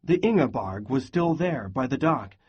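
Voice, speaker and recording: Man, husky voice, read-aloud lesson, steady narration. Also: medium pitch, moderate pace, highs cut off. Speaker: teacher reading a novel aloud.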